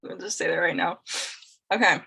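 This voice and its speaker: A woman's voice: fairly low pitch, steady tone, fast talker, gravelly, bright, forceful tone, slightly rough, rough recording. A woman hosting a casual group chat, reading a dating scenario aloud and often breaking into laughter. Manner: laughs often, stumbles over names.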